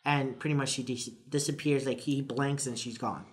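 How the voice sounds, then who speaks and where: A man's voice: medium pitch, moderate pace. A man co-hosting a casual podcast, animatedly recapping an anime episode and acting out the characters' lines. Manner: animated retelling, acting out quotes. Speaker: podcast co-host.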